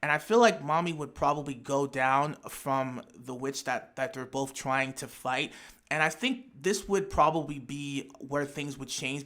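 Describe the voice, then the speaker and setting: Bright-voiced man musing on a fan theory. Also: on the high side. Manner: thinking aloud with restarts and repeated words; speculative, imaginative storytelling. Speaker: anime theory YouTuber. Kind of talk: casual spoken analysis.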